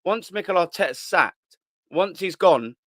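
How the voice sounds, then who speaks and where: A young man hosting a live fan stream reads the chat and rants heatedly, repeating himself and swearing a lot. His voice sits high and sounds animated and fairly bright at a measured pace, in dry, studio-quality audio.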